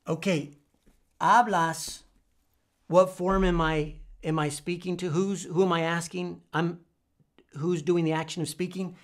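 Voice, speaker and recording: A man teaching a Spanish verb lesson, spelling out letters and repeating each form deliberately. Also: fairly high pitch. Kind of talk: whiteboard language lesson.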